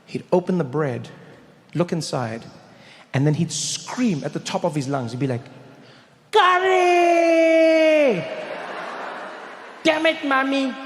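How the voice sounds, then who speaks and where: A man telling a stand-up story on a live stage, acting out characters with sudden high shouts. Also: normal speed, big-room sound. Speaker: stand-up comedian. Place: live comedy stage before an audience.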